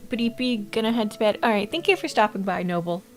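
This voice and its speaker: A woman's voice: medium pitch, lively intonation, fast talker, faint music behind. Blunt, laughing streamer woman. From Canada. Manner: blunt, swears freely, laughs often. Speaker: VTuber streamer. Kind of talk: casual stream chat and storytelling.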